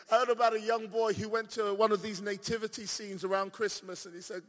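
A man preaching a sermon, telling stories fervently and rising to shouts, in a large church hall. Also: sits high, flat delivery, a little fast, few pauses. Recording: long hall reverb.

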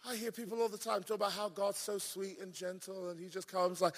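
A man preaching a sermon, telling a story and building up to shouting. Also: sits high, lively intonation, moderate pace, long reverb tail.

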